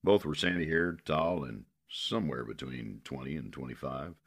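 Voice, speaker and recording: Man, extremely deep voice, husky, gravelly, western audiobook narration. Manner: steady, measured storytelling.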